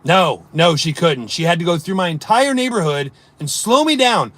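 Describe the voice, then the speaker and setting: A man's voice: fairly high pitch, animated, normal speed, hardly any pauses, a bit bright, no room sound. A man telling a long story on a casual live stream, acting out his own thoughts as he rambles through it. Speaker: livestreamer reading chat.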